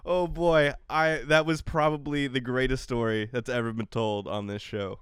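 A man hosting a casual podcast, chatting in a relaxed, playful way and laughing easily with his guest. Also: medium pitch, moderate pace, clear, resonant tone, no room sound, studio quality. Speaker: podcast host.

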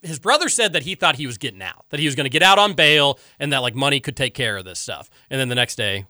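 An animated male talk show host whose pitch swings widely as he rants. His voice is bright and forceful, recorded dry and close with no room sound. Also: dry recording. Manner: animated, emphatic and quick to rant. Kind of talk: casual sports talk, reading listener texts.

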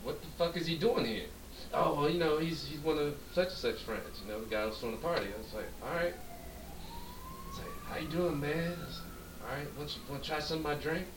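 A podcast co-host with a fairly high, brisk male voice tells a long, profane drunken story, animatedly acting out the quoted dialogue. The recording has an echoey room, a distant mic, and faint hiss.

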